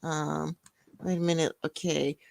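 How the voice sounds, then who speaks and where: Rambling low-voiced woman, dry sound. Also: little pitch movement, a little slow, vocal fry, darkish tone, dry recording. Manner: rambling, heavy with fillers like "you know". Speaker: podcast co-host. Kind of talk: casual chat.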